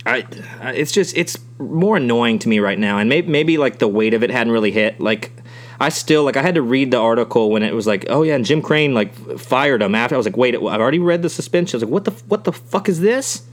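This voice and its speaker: A man co-hosting a casual podcast conversation. He talks in a rambling way, swears freely and restarts his sentences often. His pitch sits in the middle for a man. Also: a little fast. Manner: profane, rambling, many restarts. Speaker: podcast co-host. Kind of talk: casual chat.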